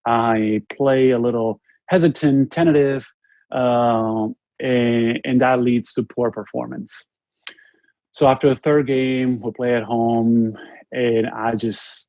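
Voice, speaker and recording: A man in his forties with a Spanish accent tells a story as an interview guest, earnest and halting, often restarting his sentences. His voice sits at an ordinary middle pitch. The recording is dull and lo-fi, with a dry, close sound. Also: fairly even intonation, darkish tone, dry recording. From Spain. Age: 40s. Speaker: interview guest, former basketball player.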